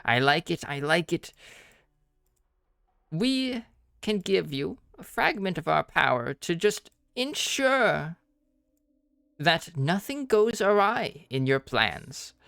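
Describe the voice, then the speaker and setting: A man's voice: a little high, sing-song, slow pace, creaky, long pauses, bright, forceful tone, clear, resonant tone, no room sound, studio quality, pitched above the performer's own voice, heavily acted. A man voicing a scheming old female hag, coaxing and sly.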